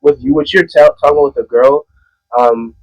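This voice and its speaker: A man's voice: a little high, steady tone, fairly quick, highs cut off. A young man on a casual podcast, sharing reflective thoughts about people who hurt others. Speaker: podcast co-host.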